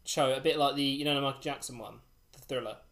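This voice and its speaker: Bright-voiced chatty man. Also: mid-range voice, steady tone, fast, vocal fry. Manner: chatty, jokey, laughs often. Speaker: podcast host. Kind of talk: casual chat.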